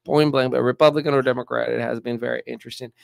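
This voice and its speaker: A man's voice: medium pitch, steady tone, racing, vocal fry, clear, resonant tone, no room sound, studio quality. A man, middle-aged, chatting emphatically about politics as a podcast guest and often repeating words as he starts a sentence. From United States. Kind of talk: casual political chat.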